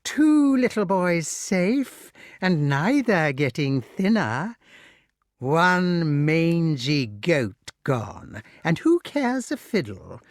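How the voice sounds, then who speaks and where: A man's voice: fairly high pitch, big pitch swings, drawn-out words, no room sound, clean studio sound, voice pushed up, exaggerated voice. A man voicing a cruel, greedy old witch in an audiobook, drawing out her words with relish in a sing-song way. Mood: gloating. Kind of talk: audiobook character voice.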